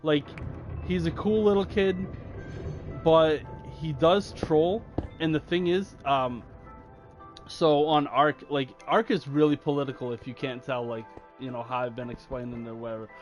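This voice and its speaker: A man's voice: on the high side, fairly even intonation, unhurried, soft background music. Rambling, slangy young man gaming. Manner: rambling and slangy, full of fillers. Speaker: gaming channel host. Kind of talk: casual chat while playing a game.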